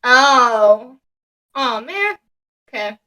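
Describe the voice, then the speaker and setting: Bright, high-voiced young woman co-host. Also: sing-song, very slow. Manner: hesitant, joking, trails off with fillers. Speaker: podcast co-host. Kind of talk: casual chat.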